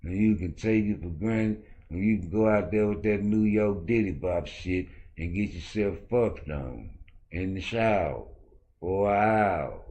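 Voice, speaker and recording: A man's voice: low-pitched, a little slow, mellow. A man delivering a threatening, profane monologue in street slang.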